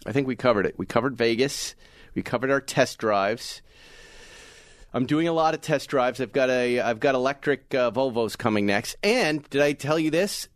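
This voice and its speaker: A man's voice: mid-range voice, normal speed, dry recording. Enthusiastic middle-aged man, dry studio sound. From Massachusetts. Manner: enthusiastic, animated storyteller. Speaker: podcast co-host. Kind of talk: casual car talk chat.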